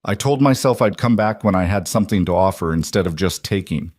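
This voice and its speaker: Casting note: feared cowboy, low and dry, careful and plain-spoken, as the narrator reads him. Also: male voice, lively intonation, a little fast, a little mellow, husky, no room sound. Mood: quiet, earnest.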